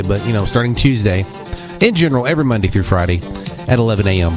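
A man's voice: medium pitch, no room sound. A man hosting a local call-in radio show, chatty and rambling, correcting himself as he goes. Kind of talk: casual radio talk. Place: radio studio.

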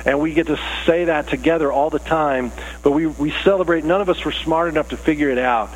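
A man's voice: a little high, a little fast, low-quality recording. A man preaching a conversational sermon, earnest and casual with rising emphasis. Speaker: pastor.

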